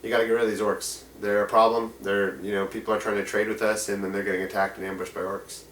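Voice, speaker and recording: A man voicing a pushy male town mayor who asks for help in a brusque, hurried way. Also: lowish voice, little pitch movement, a bit bright, roomy sound, a little hiss or hum, lightly acted. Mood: insistent.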